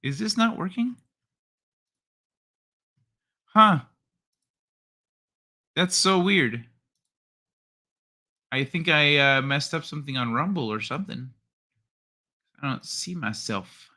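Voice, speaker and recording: A man's voice: a little high, lively intonation, slow pace, long pauses, bright, forceful tone. A man hosting a livestream, chatting casually, swearing and stumbling as he reads news aloud. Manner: swears, stumbles over read text. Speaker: livestream host.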